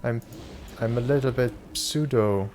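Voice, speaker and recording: A man's voice: mid-range voice, a little slow, a little mellow, slight background noise. A young German man chatting loosely with his viewers while playing a game, swearing casually and answering chat questions. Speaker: streamer. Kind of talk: casual live-stream chat.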